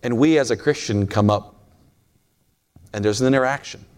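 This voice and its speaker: A man's voice: medium pitch, normal speed, a little mellow, smooth. A man preaching a sermon in a folksy, storytelling way, joking with the congregation.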